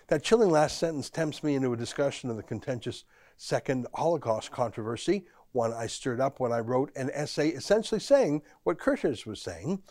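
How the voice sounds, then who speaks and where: A man's voice: medium pitch, very animated, a little fast, darkish tone, dry recording. A male podcast host gives a pointed political monologue. He leans on rhetorical questions and emphasis. His voice sits in a middle register, and the recording is close and dry.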